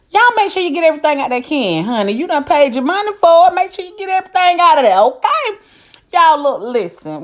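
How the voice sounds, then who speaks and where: A middle-aged woman talks through a recipe in a casual cooking vlog. Her voice sits high and she keeps it folksy, calling the viewers honey and baby and slipping in preachy asides. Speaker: cooking channel host.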